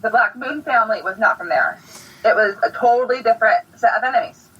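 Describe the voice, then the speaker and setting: A woman co-hosting a casual fan podcast, chatty and hesitant, often pausing on fillers. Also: a little high, husky. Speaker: podcast co-host. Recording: distant, dull lo-fi mic.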